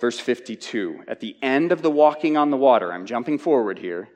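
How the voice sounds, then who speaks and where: A man's voice: medium pitch, animated, fairly quick, a little mellow. Man preaching in a reverberant hall. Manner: conversational, repeats words when restarting. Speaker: Bible teacher. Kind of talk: expository sermon.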